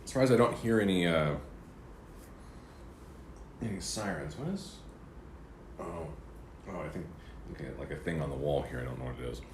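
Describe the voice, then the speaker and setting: Casting note: man, very low voice, rambling casual streamer, roomy apartment sound. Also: fairly quick, long pauses, slight background noise. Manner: rambling, chatty, eating between words. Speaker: livestreamer. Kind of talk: casual chat. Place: apartment room. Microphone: streaming setup.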